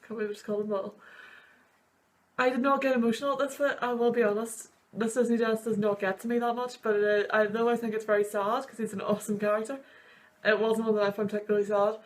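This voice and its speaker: A woman's voice: fairly high pitch, little pitch movement, quick pace. A woman in her twenties, a student, giving rambling, emotional reaction commentary on sad film scenes. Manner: gushing, rambling, sniffly over sad scenes. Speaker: university student and video host.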